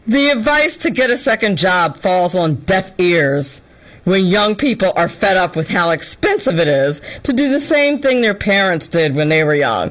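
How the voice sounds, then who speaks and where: A woman host rants through her commentary with sarcastic exasperation. Her pitch swoops up and down in lively, animated turns, and her tone stays bright and forceful. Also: rough recording. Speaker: radio show host. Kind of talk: opinionated talk-show commentary.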